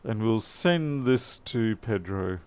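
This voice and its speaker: A man's voice: lowish voice, expressive, slow pace, a little mellow, clear, resonant tone. A man talking casually to camera while repairing a laptop in his workshop, chatty and self-mocking, muttering as he works. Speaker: electronics repair technician. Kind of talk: casual workbench commentary.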